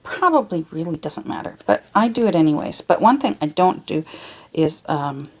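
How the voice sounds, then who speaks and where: Here a Canadian junk journal crafter rambles through casual chat at her home studio, drifting from topic to topic as she works on a project. Her voice sits on the low side and sounds gravelly.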